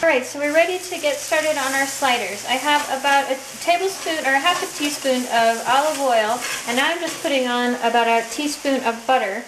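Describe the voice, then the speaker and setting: Woman, upbeat cooking demo, fairly high voice, roomy kitchen sound, mic some distance off, sizzling in the background. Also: fairly quick, hardly any pauses. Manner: chatty and enthusiastic, with fillers. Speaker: home cook. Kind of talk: cooking demonstration. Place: home kitchen. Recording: echoey kitchen, voice from far off, loud frying noise.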